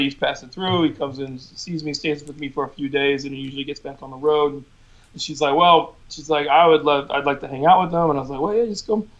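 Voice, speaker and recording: High-voiced man telling a story quietly. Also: highs cut off. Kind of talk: casual storytelling.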